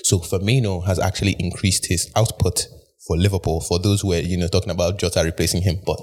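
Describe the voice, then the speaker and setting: A man's voice: low voice, fairly even intonation, quick pace, a little mellow. A man hosting a casual sports podcast, recapping matches in an easygoing, rambling way with fillers. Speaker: podcast host.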